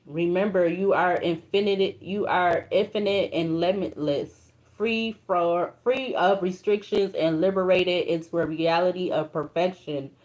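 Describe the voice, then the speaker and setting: A woman's voice: fairly low pitch, steady tone, measured pace, hardly any pauses, a little mellow. A young woman doing a casual tarot reading, reading card meanings aloud in an emotional, colloquial way. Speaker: tarot reader.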